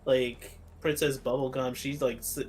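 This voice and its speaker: A man chatting casually with a friend during a game stream, talking hesitantly and filling pauses with "like" and "uh". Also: medium pitch, flat delivery, darkish tone, a little hiss or hum. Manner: hesitant, full of "like" and "uh". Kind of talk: casual chat while gaming.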